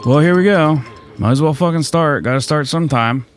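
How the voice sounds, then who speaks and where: A man's voice: a little high, fairly quick, over loud music. A young man hosting a podcast in casual, brash banter, swearing freely and teasing his co-host. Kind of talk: casual chat.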